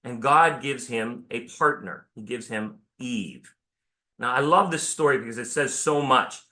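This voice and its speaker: Bright-toned priest preaching a sermon. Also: male voice, mid-range voice, a little slow. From Pennsylvania, United States. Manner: conversational, self-correcting, full of rhetorical questions.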